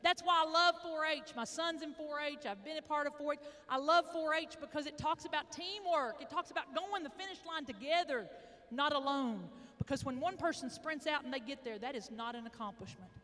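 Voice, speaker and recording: High-voiced folksy Arkansas woman speaker. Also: pushed and bright. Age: middle-aged. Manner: folksy storytelling, dramatic pauses. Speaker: motivational speaker. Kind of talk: lively motivational speech. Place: large indoor hall, addressing an audience. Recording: echoey large hall.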